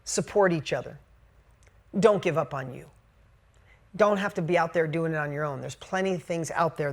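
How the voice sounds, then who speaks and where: A man giving a motivational talk to a group, telling stories bluntly and casually, dropping to a hush and then rising loud and high when excited. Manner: emphatic storytelling, casual and blunt. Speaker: motivational speaker.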